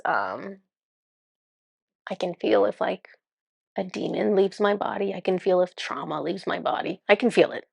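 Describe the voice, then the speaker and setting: A woman telling a story to camera in a casual, chatty way, laughing often and sometimes dropping to a hushed murmur. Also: lowish voice, gravelly, dry recording, clean studio sound. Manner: chatty and amused, laughs often while recounting. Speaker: spiritual channeler.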